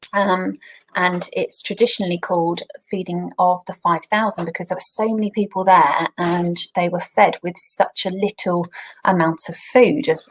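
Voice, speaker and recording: A woman's voice: fairly low pitch, low-quality recording. Chatty English woman giving a church talk. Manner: chatty, homely, with small laughs. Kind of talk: casual children's church talk. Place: home by a garden window. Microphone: video call.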